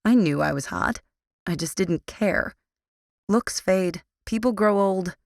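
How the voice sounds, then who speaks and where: A woman narrating a first-person young adult audiobook in a wry, low-key manner. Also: expressive, slow, vocal fry, no echo, studio quality. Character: wry, guarded teenage girl narrator.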